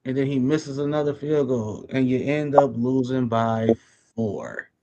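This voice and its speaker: A man's voice: mid-range voice, a little slow, dark tone, highs cut off. A man co-hosting a sports podcast, ranting with profanity and repeating himself for emphasis. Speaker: podcast co-host. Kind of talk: heated sports talk.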